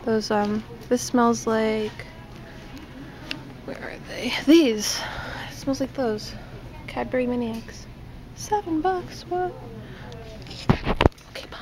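A woman's voice: on the high side, slow pace, long pauses, poor audio. A woman vlogging casually and joking while she walks down a street, recorded on a handheld camera. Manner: chatty and joking. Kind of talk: casual vlog chat. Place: outdoors on a town street, walking. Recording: loud street traffic noise.

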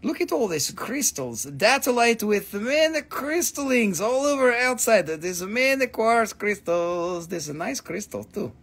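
With a voice that sits high and swings widely in pitch, this host speaks unhurriedly with few pauses, sounding a bit bright and husky. He is casually selling rocks and crystals on a live stream, trading profane, teasing jokes and trailing off into repeated fillers when flustered.

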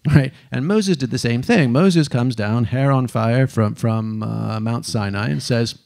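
A man giving a lively stage talk, animated and casual, cursing now and then and acting out the people he quotes. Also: medium pitch, normal speed, creaky, hardly any pauses. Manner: animated, swearing, acts out quotes. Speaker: speaker.

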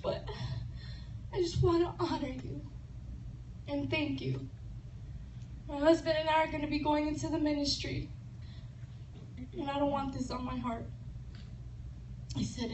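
A woman's voice: sits high, level tone, unhurried, pauses often. A woman preaching at a women's retreat, telling a personal story animatedly and often laughing or tearful while acting out conversations. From Chicago. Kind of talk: testimony sermon. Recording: echoey room from far off with noise.

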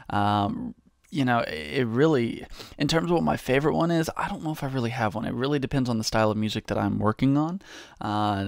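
A man's voice: on the low side, clean tone, no room sound, studio quality. A man answering viewer questions in a casual, rambling, self-mocking way. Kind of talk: casual Q&A monologue.

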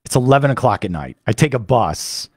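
A man hosting a sports radio show, telling a rambling, excitable story full of fillers into a studio microphone. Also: medium pitch, brisk, slightly rough, no room sound. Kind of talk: animated monologue recapping a trip.

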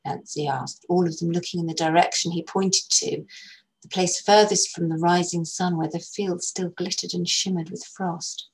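Husky, low-voiced woman reading a story. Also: steady tone, poor audio. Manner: gentle, measured reading. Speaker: narrator, actress reading a story. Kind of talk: storybook narration.

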